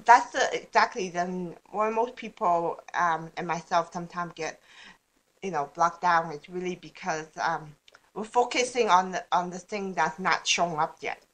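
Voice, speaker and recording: A woman's voice: fairly low pitch, unhurried, a bit bright. A woman speaking as a guest in a casual podcast interview, rambling and restarting her sentences, often laughing. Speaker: guest speaker on law of attraction.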